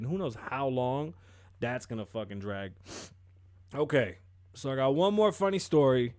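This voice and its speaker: Profane, animated male podcast host. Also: mid-range voice, no echo. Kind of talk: casual commentary.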